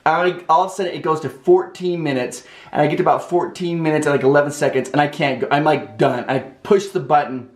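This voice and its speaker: Animated man telling a story, echoey room. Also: on the high side, brisk, hardly any pauses. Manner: animated, with lots of "like" fillers. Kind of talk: casual personal storytelling.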